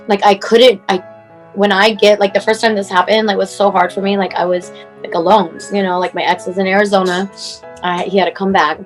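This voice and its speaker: A woman in her forties tells a personal story at a middle pitch, rambling and filling her speech with "like" and "you know." She is recorded on a clip-on mic, with faint music underneath. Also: rough recording. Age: 40s. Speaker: mother telling her son's story as a guest. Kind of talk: emotional personal account.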